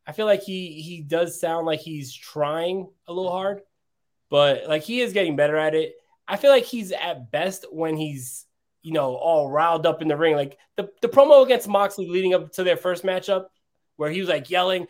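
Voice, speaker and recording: Guy kinda thinking out loud, rambly, lotta "like", slightly high voice. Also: moderate pace. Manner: thoughtful, rambling with many "like"s. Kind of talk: casual chat.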